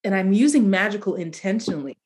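A woman's voice: medium pitch, lively intonation, fast talker, darkish tone. A woman hosting an interview, chatting casually with a guest and quoting friends in playful voices. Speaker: host.

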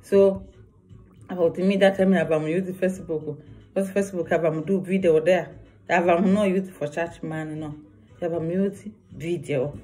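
Slow, earnest woman vlogger. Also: on the low side, fairly even intonation, dark tone. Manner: earnest, repetitive, broken English. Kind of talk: personal warning vlog.

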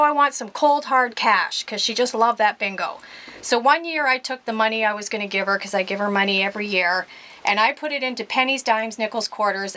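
A middle-aged woman from Canada, casually telling family stories while showing a craft piece. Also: medium pitch. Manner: warm storytelling with laughs. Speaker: crafter showing her artwork. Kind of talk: casual chat.

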